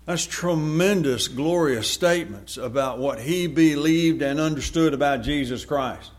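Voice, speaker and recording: Male preacher, slightly high voice, sermon delivery, reads verses forcefully then explains plainly. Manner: reads scripture aloud with rising force, then explains it conversationally.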